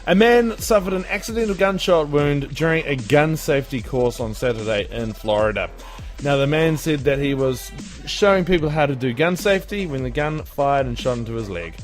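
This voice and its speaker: A man's voice: medium pitch, lively intonation, normal speed, faint music behind. Man cracking dad jokes on a podcast. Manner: jokey, tells groan-worthy dad jokes and laughs at them. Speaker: podcast host. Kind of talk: casual comedy podcast chat.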